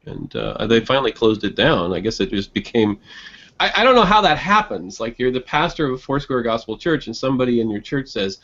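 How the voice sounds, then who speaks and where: A man chatting casually in an online group hangout, rambling with many restarts and quick chuckles. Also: medium pitch, fairly bright tone. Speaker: online hangout participant and blogger. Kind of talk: casual group video chat. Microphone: computer mic on a video call. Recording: muffled lo-fi call audio.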